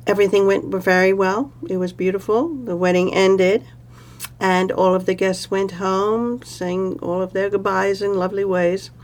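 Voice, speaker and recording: A woman telling a myth aloud in a relaxed, conversational way, with pauses and fillers. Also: medium pitch. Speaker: storyteller. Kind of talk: oral storytelling.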